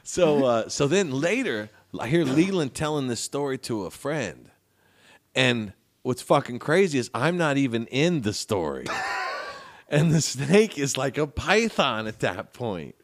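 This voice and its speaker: A man in his forties, a podcast co-host, telling a story in an animated, profane way and laughing as he goes. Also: mid-range voice, unhurried. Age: 40s. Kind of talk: casual storytelling chat.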